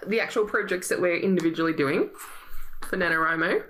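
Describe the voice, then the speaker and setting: A woman's voice: on the low side, a little fast, fairly bright tone, slight background noise, low-quality recording. A woman in her thirties co-hosting a podcast in casual chat, chatty and laughing often. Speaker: podcast co-host and parent.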